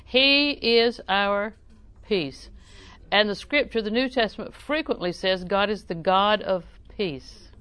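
A middle-aged woman preaching a sermon in a folksy, humorous way, often chuckling and breaking into loud acted exclamations. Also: medium pitch, takes it slowly, few pauses, smooth.

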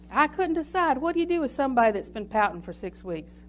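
A woman's voice: high-pitched, very animated, fast, slight background noise. A woman preaching a sermon, telling homely stories and reading scripture aloud. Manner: folksy storytelling with scripture reading.

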